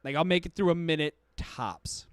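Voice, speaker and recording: A man's voice: fairly high pitch, moderate pace, slight background noise. A male podcast host giving casual streamed commentary, with profane, exaggerated ranting.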